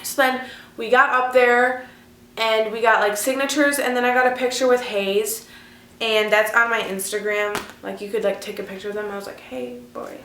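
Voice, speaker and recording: A woman's voice: on the high side, fairly even intonation, moderate pace, sharp tone, a little hiss or hum. A teenage girl telling a story in a casual vlog, gushing and chatty, saying "like" constantly. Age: teens. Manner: chatty, gushing, heavy use of "like". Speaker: vlogger. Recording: echoey room.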